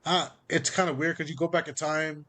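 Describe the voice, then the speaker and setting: A man co-hosting a casual chat, talking excitedly and swearing freely, laughing as he retells scenes. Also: on the high side, a little fast. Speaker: podcast co-host. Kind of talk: casual chat about video games.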